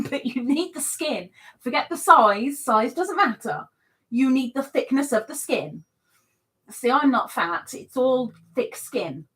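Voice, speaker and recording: A woman chats slowly and warmly with her viewers on a live stream. She reads out their comments and teases them as she answers. Her voice sits a little high. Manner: chatty, teasing, reads comments aloud. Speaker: live stream host reading chat. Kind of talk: casual live stream chat.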